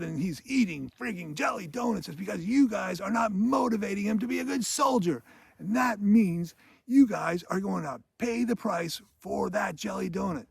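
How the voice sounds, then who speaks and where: A man voicing a furious male drill sergeant, barking shouted outbursts. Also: a little high, vocal fry, dry recording, full character voice.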